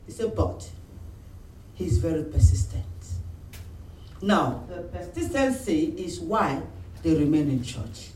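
A pastor, preaching an animated sermon and acting out phone calls and voices of his church members. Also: high voice, unhurried. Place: church hall. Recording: roomy echo, mic at a distance, faint room noise.

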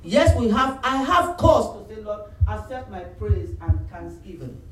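A pastor, preaching an animated sermon and acting out phone calls and voices of his church members. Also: high-pitched, measured pace. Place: church hall. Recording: roomy echo, mic at a distance, faint room noise.

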